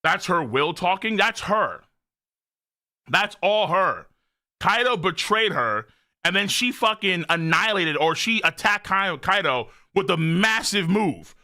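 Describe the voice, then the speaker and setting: Excitable, swearing streamer guy. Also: sits high, unhurried. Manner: excitable, loud outbursts, frequent swearing. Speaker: streamer reacting to a manga chapter. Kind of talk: live reaction stream, casual chat to viewers.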